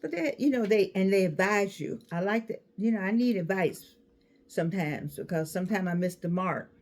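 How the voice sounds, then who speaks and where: A woman in her sixties gives a casual motivational talk at an everyday pitch. She is animated and repeats herself for emphasis, laughing freely as she goes. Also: moderate pace. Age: 60s. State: toothache. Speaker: speaker addressing an audience.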